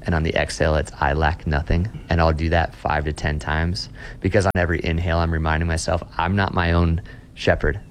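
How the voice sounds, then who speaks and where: A man's voice: deep voice, level tone, fast talker, a little hiss or hum. A pastor talking earnestly in a casual interview, often repeating words as he restarts a thought. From Austin, Texas.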